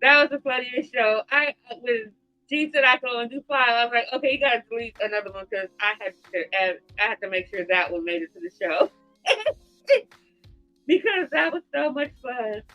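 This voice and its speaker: A woman's voice: on the high side, brisk, dull audio, faint music behind. A woman hosting a casual livestream chat, teary and giggling through her words as she laughs. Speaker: host.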